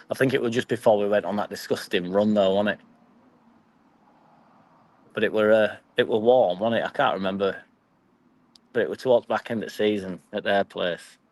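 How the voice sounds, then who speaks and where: A man's voice: fairly low pitch, no echo, poor audio. A young man with a Yorkshire accent chatting casually and swearing freely as he reads and answers his live stream chat. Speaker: football fan vlogger.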